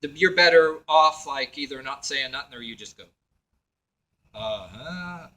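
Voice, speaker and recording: A man's voice: on the high side, fairly quick, bright, forceful tone, poor audio. A man telling a personal story to camera in a meandering way, full of fillers and restarts, acting out what others said. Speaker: video blogger.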